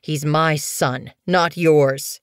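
A woman's voice: deep voice, fairly even intonation, extremely slow, clean tone, no echo, clean studio sound. A woman voicing a growling, menacing tom cat warrior. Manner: growling, commanding. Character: stern male cat warrior, harsh and menacing. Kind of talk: audiobook character voice.

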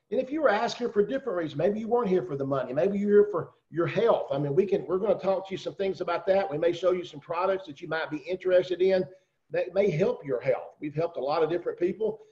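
A man with a Southern US accent hosting a video call, pitching persuasively and addressing listeners directly. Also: darkish tone, muffled recording. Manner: persuasive, talks straight to listeners. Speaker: host.

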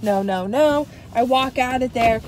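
A chatty woman vlogging from a car, rambling and venting with a stuffy, runny nose. Her voice sits a bit high. Steady traffic noise runs under her talk. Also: a little slow. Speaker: travel vlogger. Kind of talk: casual vlog chat. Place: in a car by a busy road.

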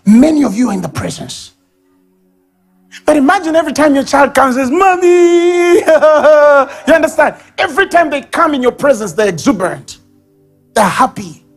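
A man with a Ugandan English accent preaching a sermon at a church service, animated, acting out sobs and baby babble and shouting key lines. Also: very high-pitched, a little fast, long pauses, breathy edge, soft background music.

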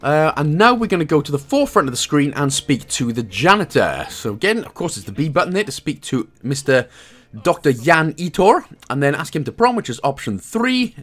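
Lively Welsh man guiding a game. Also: on the high side, fairly quick. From Wales. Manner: jokey, chuckling asides between instructions. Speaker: gaming guide host. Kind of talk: game walkthrough commentary.

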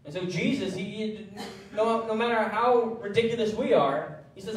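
A man preaching a sermon as pastor, animated, acting out the voices he quotes. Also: sits high, normal speed. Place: church sanctuary. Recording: echoey church hall from far off.

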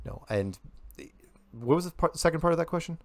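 Animated man answering interview questions. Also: fairly high pitch, fairly quick. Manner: animated, talks in rhetorical questions and quips. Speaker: interview guest.

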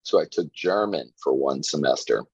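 A low, husky man tells his stories in an easygoing ramble, leaning on "like" and "you know" as he goes. He is from Virginia and talks like a guest on a casual podcast. The recording is dry and a little dull. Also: expressive, normal speed, dry recording. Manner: laid-back storytelling, frequent "like" and "you know". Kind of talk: casual chat.

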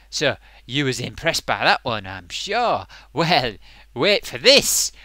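A man voicing an excitable male sock puppet who hosts a comic makeup review, gushing and bumbling. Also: medium pitch, dry recording. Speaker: host.

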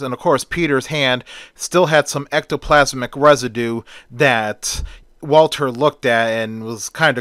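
A man's voice: medium pitch, a bit bright, smooth, no echo, clean studio sound. A man narrating an amateur fan story in a plain, repetitive "and then" storytelling manner.

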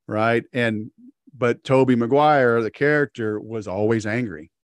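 A man's voice: medium pitch, moderate pace, no room sound. Male podcast host, casual rambling storyteller, dry close sound. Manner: rambling storyteller, many fillers and restarts; acts out quoted characters in a sharply raised voice. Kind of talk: casual interview chat.

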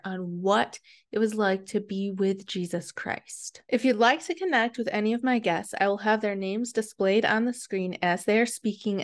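Woman host doing her channel intro, friendly and even-paced. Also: medium pitch. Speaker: podcast host.

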